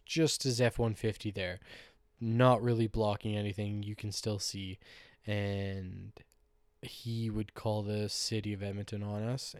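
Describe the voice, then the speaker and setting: A man hosts a solo podcast, chatting casually in a loose, rambling, joking style with some swearing. His voice sits on the low side with a darkish yet clean tone. It's clean studio sound on a podcast microphone, with no echo.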